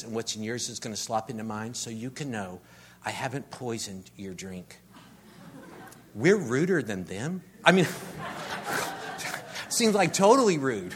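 A man, preaching a humorous sermon as a rambling storyteller who grows animated. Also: medium pitch, a little hiss or hum.

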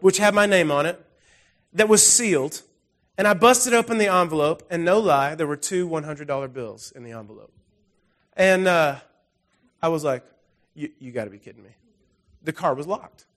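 A man preaching a sermon in a relaxed, conversational way, telling personal stories with frequent restarts. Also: high-pitched. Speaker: pastor.

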